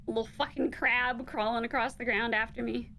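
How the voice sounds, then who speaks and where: A woman's voice: on the high side, flat delivery, normal speed, gravelly, pushed and bright, a little hiss or hum. A woman streaming a game with a friend in playful casual chat, swearing freely and joking. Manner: playful, swears casually, acts out quotes in a whisper.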